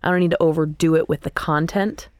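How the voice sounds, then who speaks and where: A young woman songwriter talking casually in an interview, animated and candid. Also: deep voice, fast talker, no room sound, studio quality. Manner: animated, sings snippets of lyrics mid-sentence. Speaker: songwriter guest.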